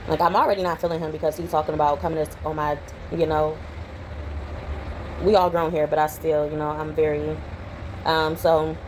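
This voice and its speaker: A young adult woman chats casually to camera in her home. Her voice sits a little low, and she tells her stories with lots of back-and-forth. A faint hum of background noise runs under the recording. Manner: chatty storytelling, animated when retelling. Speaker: vlogger. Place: home, indoors.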